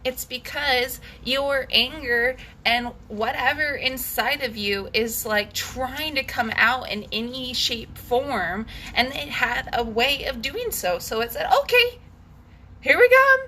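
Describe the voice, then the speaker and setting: A woman's voice: on the high side, slow, hardly any pauses, sharp tone, a little hiss or hum. A woman leading a guided scream and breathwork session, intense and emphatic, swearing freely as she urges listeners to let their anger out. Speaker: breathwork coach.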